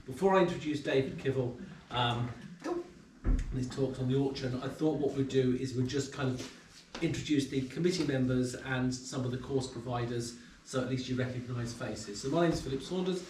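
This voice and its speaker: A man's voice: medium pitch, normal speed. Man, meeting chair, informal, hesitant, roomy echo, distant. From England. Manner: warm, informal, hesitant with ums. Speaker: club chair. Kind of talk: introducing a meeting. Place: pub function room. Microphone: far camera. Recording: roomy, distant, faint room noise.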